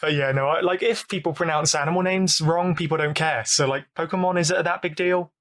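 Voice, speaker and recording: A young man with a British accent and a fairly high voice, chatting as a podcast guest. He talks in an easygoing, self-deprecating way and laughs along often. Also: fairly even intonation, a little fast, fairly bright tone. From England. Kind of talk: casual chat.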